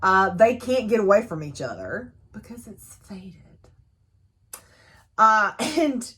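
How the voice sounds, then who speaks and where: A woman's voice: medium pitch, slow pace, slightly rough. A young adult woman reviewing a book in a casual chat to camera, talking freely with fillers and frequent laughs. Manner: chatty, laughs often, lively fillers.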